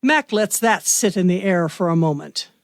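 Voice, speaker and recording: A woman hosting a podcast, giving measured scripted narration for a radio-theater mystery. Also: fairly low pitch, expressive, no echo, clean studio sound.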